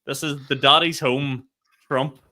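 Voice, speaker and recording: A man, a stand-up comedian co-hosting a podcast, telling stories in animated, casual chat and swearing freely. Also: medium pitch, measured pace. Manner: animated storyteller, laughs mid-sentence, swears freely.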